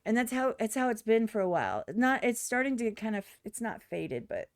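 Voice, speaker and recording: A woman with a fairly high voice talks bluntly through a music video as a streamer. She swears freely and mimics other people in exaggerated voices. The sound is dry and close. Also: big pitch swings, a little fast, no room sound. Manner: blunt, profane, outspoken. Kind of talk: casual reaction commentary.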